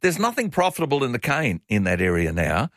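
A man's voice: medium pitch, huge pitch swings, brisk, fairly bright tone, dry recording, clean studio sound. An older Australian man hosting talkback radio, chatty and opinionated, reading out listener messages.

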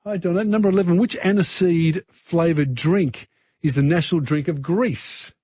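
A man's voice: fairly high pitch, normal speed, mellow, breathy edge, no room sound, dull audio. A man with an Australian accent hosting a talkback radio quiz, chatty and easygoing. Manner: chatty, easygoing, filler-heavy.

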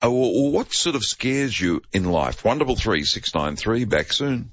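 A talkback radio host with a fairly low voice, chatting loosely and drifting between points. The sound is dull and dry, with no room around it, as on a radio broadcast. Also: male voice, sing-song, unhurried, fairly bright tone, no room sound. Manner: loose, chatty, wandering phrasing.

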